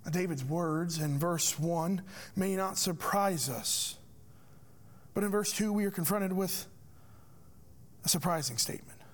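A man's voice: high voice, a little slow, long pauses. A man preaching a sermon as a pastor, asking rhetorical questions with emphatic delivery.

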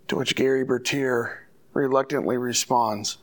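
Pastor guy preaching, higher-pitched voice, earnest, lots of rhetorical questions. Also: measured pace, long pauses, a bit bright. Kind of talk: sermon.

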